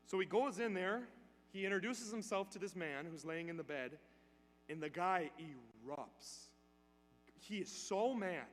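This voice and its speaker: A man's voice: fairly high pitch, expressive, moderate pace. A man giving a homily in a church, telling a story in a conversational way and acting out the dialogue. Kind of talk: storytelling sermon. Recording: long church reverb, faint hum.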